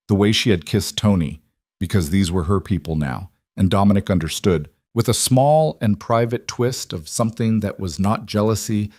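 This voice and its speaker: A man giving measured, deliberate scripted narration of a crime drama. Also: on the low side, darkish tone, no room sound, clean studio sound.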